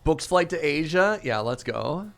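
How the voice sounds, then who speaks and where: A man's voice: on the high side, lively intonation, a little slow, gravelly, a bit bright, faint music behind. A man chatting casually on a live stream while gaming, answering chat questions, telling stories and laughing often. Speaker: streamer playing a modded block-building game.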